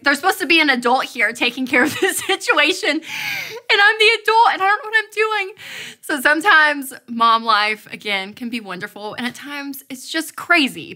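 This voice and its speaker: Bright animated woman host. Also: medium pitch. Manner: animated, chatty storyteller. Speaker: show host. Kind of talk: storytelling and interviewing.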